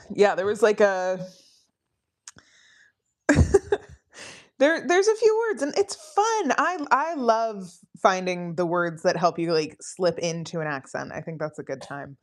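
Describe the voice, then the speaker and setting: A woman's voice: fairly low pitch, big pitch swings, slow pace, pauses often. A woman chatting casually on a live study stream, rambling with frequent ums and laughing often. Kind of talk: casual livestream chat.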